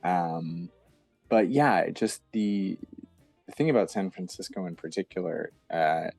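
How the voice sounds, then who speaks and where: A man's voice: sits low, unhurried, darkish tone, slightly rough, dry recording, faint music behind. A man in his thirties from the eastern United States, a guest chatting casually in an interview, hesitant with many ums and restarts.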